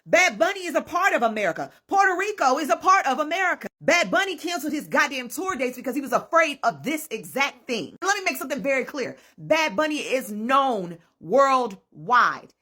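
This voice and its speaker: Bright, husky, indignant woman. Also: on the high side. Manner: indignant, emphatic. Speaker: commentator. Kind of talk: opinion video.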